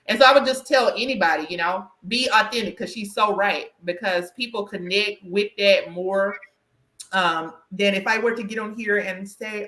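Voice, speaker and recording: A woman with a Southern US country twang, hosting a podcast conversation in an animated, emphatic way that often checks in with "right?". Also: mid-range voice, brisk, reverberant. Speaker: podcast host and career coach.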